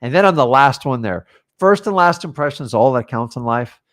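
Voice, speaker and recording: A man with a mid-pitched voice leads a live training session on real estate deals. He talks in short, punchy bursts and coaches the listeners directly. He breaks into quick acted sample conversations with sellers. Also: expressive, fairly bright tone.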